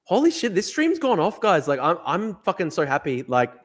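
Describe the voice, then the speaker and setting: A young man hosting a livestream, excitable and profane, reading viewer comments aloud. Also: sits high, normal speed. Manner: excitable, profane, laughing, reads chat aloud. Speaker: livestream host.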